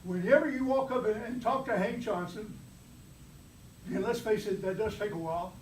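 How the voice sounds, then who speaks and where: A man with a high voice delivers a humorous club speech, teasing his listeners with playful examples. He sounds roomy and set back from the mic, with faint noise behind him. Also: normal speed, far from the mic. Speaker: club speaker. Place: meeting room.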